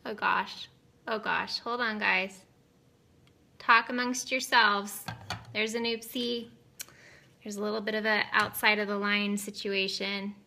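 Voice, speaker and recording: Woman, 30s, bright voice, chatty, giggly, rambling, live stream to camera. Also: medium pitch, fairly even intonation, a little slow, gravelly, pauses often. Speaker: cosmetics seller streaming live. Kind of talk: casual live-stream chat. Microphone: webcam or phone on camera.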